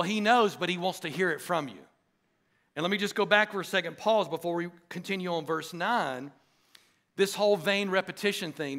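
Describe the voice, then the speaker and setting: A pastor preaching a sermon, in an earnest, emphatic style that repeats phrases for weight. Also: male voice, sits high, gravelly, a bit bright.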